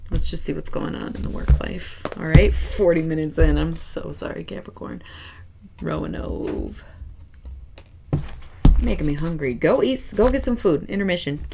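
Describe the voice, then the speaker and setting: A woman's voice: low voice, moderate pace, creaky, background noise. A woman giving a casual, candid tarot reading, chatty and swearing freely. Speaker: tarot reader.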